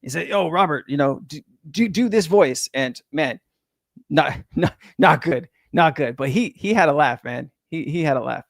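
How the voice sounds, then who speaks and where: A man's voice: a little high, expressive, moderate pace, creaky, no echo, clean studio sound. A man hosting a casual crypto livestream, rambling and chatty with lots of fillers and restarts.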